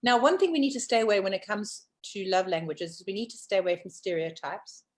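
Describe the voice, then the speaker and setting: A woman's voice: animated, fairly quick. A middle-aged woman co-hosting a casual talk show, chatting and telling stories. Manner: chatty storyteller, doing squeaky voices for animals in a joke. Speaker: co-host. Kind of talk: casual chat.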